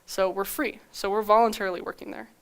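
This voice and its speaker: A woman's voice: medium pitch, fast, clean tone. A young adult woman giving a conference talk, telling a story with acted-out quotes and frequent laughs. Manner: animated, acts out quoted dialogue with laughs. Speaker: conference speaker.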